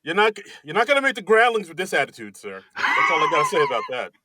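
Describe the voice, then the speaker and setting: Higher-voiced male podcast co-host, dry sound. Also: huge pitch swings, sharp tone, dry recording. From New Jersey. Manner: chatty, laughing, halting with fillers. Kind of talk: casual comedy podcast chat.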